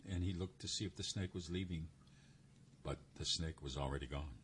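A man narrating a story in a measured, expressive way. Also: very deep voice, slight background noise. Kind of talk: story reading.

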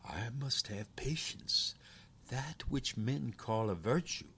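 A man's voice: mid-range voice, animated, takes it slowly, bright, forceful tone, a little hiss or hum, pitched above the performer's own voice, full character voice. A man voicing a scheming male demon in a storybook reading, with wheedling, muttered asides. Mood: grudging.

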